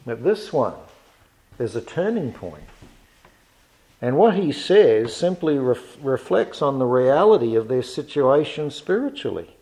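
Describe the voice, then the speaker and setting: A man preaching a sermon in an earnest, measured way, reading scripture aloud and building to emphatic rises. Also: medium pitch, sing-song, darkish tone, poor audio.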